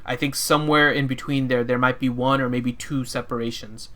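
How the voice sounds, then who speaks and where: A man's voice: mid-range voice, steady tone, a little fast, a bit bright, a little hiss or hum. A man co-hosting a casual gaming chat stream, reading out viewer questions and explaining his views. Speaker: podcast co-host.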